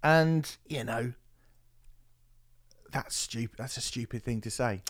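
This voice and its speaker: A man's voice: mid-range voice, slow. A man hosting a podcast, chatting casually and animatedly, swearing and mocking critics in quoted voices. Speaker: podcast host.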